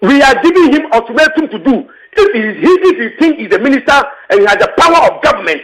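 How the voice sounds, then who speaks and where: A man's voice: very high-pitched, sing-song, quick pace, fairly bright tone, poor audio. A man with a Ghanaian English accent, speaking as a tenants union leader in an impassioned, emphatic interview statement, repeating points and slipping into local phrases. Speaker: tenants union secretary general.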